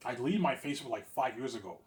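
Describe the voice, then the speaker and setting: A man's voice: medium pitch, animated, rapid-fire, slight background noise. Man vlogger, unscripted boastful ramble, repeats himself, volume jumps around. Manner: repetitive, boastful, keeps saying obviously; swings between loud bursts and mumbling. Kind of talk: rambling monologue.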